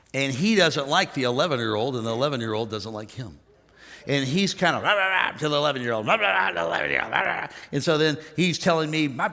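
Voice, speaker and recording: In a big-room setting, a man with a medium-pitched voice preaches conversationally as pastor. His sermon is built on storytelling, with lively impressions of what other people said.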